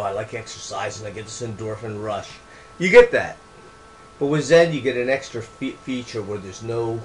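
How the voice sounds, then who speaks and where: A man explaining his training book in a casual, unscripted way, earnest and rambling, often restarting phrases and shifting between soft trailing words and loud emphatic bursts. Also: fairly low pitch, slight background noise, rough recording.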